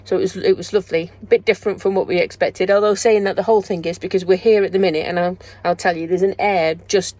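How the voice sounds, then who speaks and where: A woman's voice: on the low side, fairly even intonation, fast, hardly any pauses, mellow, dry recording. A middle-aged woman, chatting casually and joking as she vlogs to a handheld camera. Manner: chatty and jokey, laughs often. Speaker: travel vlogger. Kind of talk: casual vlog chat.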